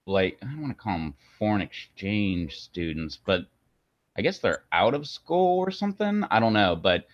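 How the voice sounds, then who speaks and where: A man's voice: sing-song, moderate pace, no echo. A man hosting his video channel, chatting casually and rambling with lots of fillers. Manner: rambling, filler-heavy, jokey. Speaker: channel host. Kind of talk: casual chat on a video stream. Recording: dull, dry low-fidelity audio.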